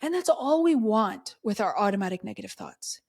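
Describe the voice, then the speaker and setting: A woman's voice: mid-range voice, lively intonation, fairly quick, vocal fry, a little mellow, husky. A woman hosting a solo podcast, talking candidly and coaching listeners directly, often checking in with "right?". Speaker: podcast host. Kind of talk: casual solo podcast talk.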